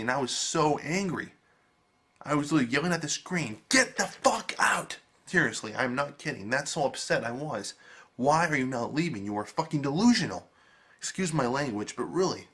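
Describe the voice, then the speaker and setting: A man giving a casual video review, animated and emphatic, swearing freely. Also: medium pitch, slightly rough.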